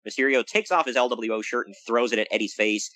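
Speaking quickly, a man comes through poor audio with no room sound. He chats casually on a podcast he co-hosts, animatedly recapping wrestling, cracking jokes and varying his pitch a lot for emphasis.

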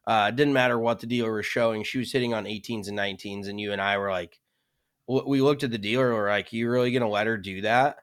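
A young man co-hosting a podcast in relaxed, chatty conversation. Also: on the low side, fast talker, clear, resonant tone. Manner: relaxed and chatty, frequent fillers. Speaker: podcast co-host. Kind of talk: casual chat.

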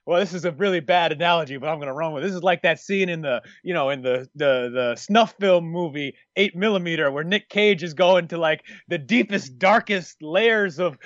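Here a podcast co-host talks in a jokey, self-interrupting ramble, restarting often during casual chat. His voice is a little high and a bit bright, brisk with few pauses. There's no room sound, and the highs are cut off.

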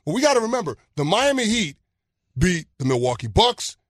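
A man's voice: high voice, big pitch swings, a little fast, no echo, studio quality. A man co-hosting a sports talk show, arguing his points emphatically with stumbling restarts. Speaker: sports radio co-host.

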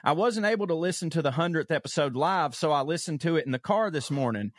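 A man co-hosting a podcast, his voice on the high side with no room sound, reads listener mail aloud in a casual chat. He keeps it loose and profane, chuckling along the way.

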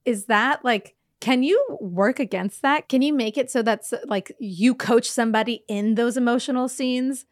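A woman's voice: a little high, normal speed, hardly any pauses, no room sound, studio quality. A woman co-hosting a podcast, talking in a chatty, casual way full of "like" fillers. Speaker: podcast co-host.

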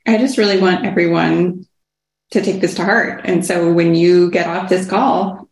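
Gravelly woman urging from an echoey room. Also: fairly low pitch, steady tone, normal speed. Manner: urging, repeating herself for emphasis. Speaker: participant or co-coach on the call. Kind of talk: encouraging talk on a group call.

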